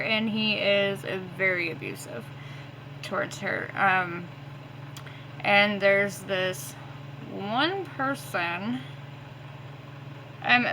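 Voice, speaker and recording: A woman book vlogger ranting casually about her reading, swearing often and filling pauses with ums. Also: mid-range voice, background noise.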